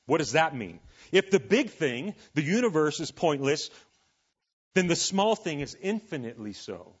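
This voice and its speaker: A man preaching a sermon, reading scripture and making casual, animated asides to his listeners. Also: a little high, normal speed, husky, highs cut off. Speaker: pastor.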